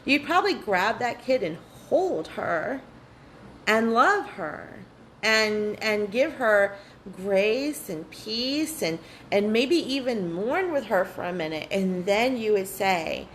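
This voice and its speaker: A woman's voice: medium pitch, expressive, takes it slowly, rough recording. Woman host of a spiritual workshop, earnest and candid, swears a lot, faint hiss behind her. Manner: earnest, candid, swears freely, repeats phrases. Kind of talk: live online workshop talk.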